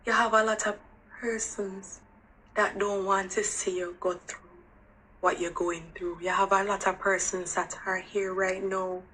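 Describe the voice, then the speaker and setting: A woman's voice: mid-range voice, little pitch movement, a little slow, fairly bright tone, a little hiss or hum, poor audio. A woman with a Jamaican accent giving earnest, emphatic relationship advice straight to camera, pressing the listener with questions. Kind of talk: direct-to-camera advice monologue.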